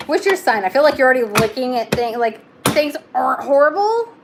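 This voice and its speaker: A young woman talks through a tarot reading in a loose, chatty way, full of fillers and gentle reassurance. Her voice sits a little on the high side. A faint background hiss runs under her. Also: expressive, a little fast. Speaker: tarot reader. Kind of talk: casual live tarot reading.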